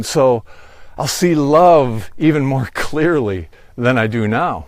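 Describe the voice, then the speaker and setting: A man giving a sermon, slow and deliberate, rising on emphatic phrases. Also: medium pitch, animated, a little mellow, dry recording. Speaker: pastor.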